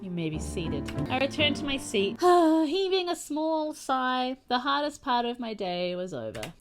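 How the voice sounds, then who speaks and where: A young woman hosts a let's play, narrating a visual novel and breaking off for playful jokes. Her voice sits a little high and swings widely in pitch. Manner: animated, jokey asides. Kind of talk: reading a visual novel aloud with joking commentary.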